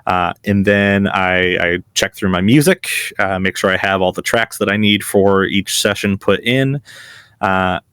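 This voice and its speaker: A man's voice: low-pitched, measured pace, fairly bright tone, smooth, no echo, clean studio sound. A man and game master, chatting as a guest in an interview, easygoing and chuckling at himself. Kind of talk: casual interview.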